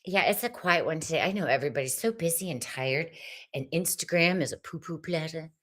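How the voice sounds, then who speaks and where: A woman's voice: deep voice, expressive, a little fast, fairly bright tone. A woman hosting a live tarot reading stream, chatting casually and effusively with viewers as she pulls cards.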